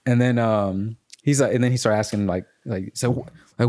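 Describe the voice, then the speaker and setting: A young man chatting casually on a podcast, telling stories and acting out quotes in high voices. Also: moderate pace. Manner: animated storyteller, acts out quotes in high voices. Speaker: podcast host. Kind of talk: casual chat.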